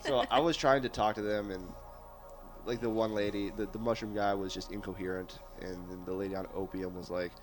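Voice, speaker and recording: A man's voice: fairly low pitch, fairly even intonation, a little fast, faint music behind. A man player telling a story casually, with laughs.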